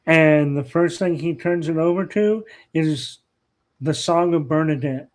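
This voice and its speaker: Slow, rambling storyteller man with a higher voice. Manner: rambling, many fillers and restarts. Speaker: podcast guest. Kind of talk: casual anecdotal storytelling.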